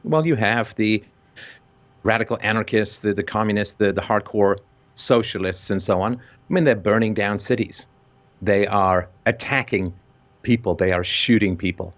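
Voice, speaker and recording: A man with a fairly low voice speaks with steady intensity, at times rising into loud, emphatic bursts. The audio is muffled and lo-fi, as if from a modest setup. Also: moderate pace. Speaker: guest commentator. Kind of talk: impassioned discussion. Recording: dull lo-fi audio.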